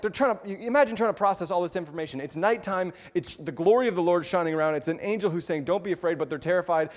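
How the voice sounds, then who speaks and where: Playful high-voiced preacher in a big hall. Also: male voice. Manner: playful, animated storytelling with laughs. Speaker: pastor. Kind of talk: sermon. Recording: long hall reverb.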